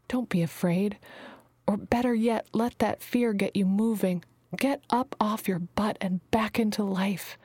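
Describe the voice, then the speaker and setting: A woman's voice: mid-range voice, mellow, no room sound. A woman voicing a motherly female healer who calls everyone her babies, speaking soothingly and sometimes dropping to a whisper, in a dry recording. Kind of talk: audiobook character reading.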